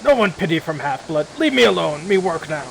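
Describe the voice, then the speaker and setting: Man doing a gruff broken-speech orc laborer. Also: a little high, very animated, a little fast, slight background noise, exaggerated voice, poor audio. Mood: surly. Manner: broken grunting speech, loud. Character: downtrodden male orc factory laborer, blunt.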